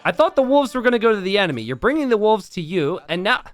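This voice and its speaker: A man casting a strategy game match, excitable and breaking into shouts and laughter. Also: high-pitched, fast talker. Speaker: game caster.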